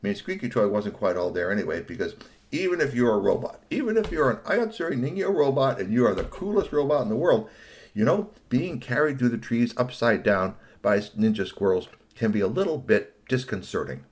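A middle-aged man narrating a children's story in an animated way, talking to young listeners. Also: mid-range voice, fairly quick.

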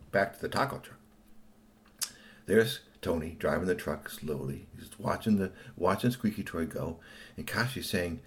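A man telling an improvised children's story in an animated, playful way. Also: deep voice, moderate pace.

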